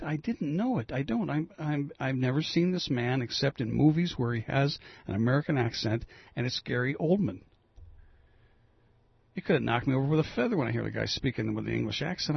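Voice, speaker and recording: A man's voice: mid-range voice, animated, fairly quick, gravelly, slightly rough, no room sound, dull audio. A male radio host in casual, rambling, self-mocking chat.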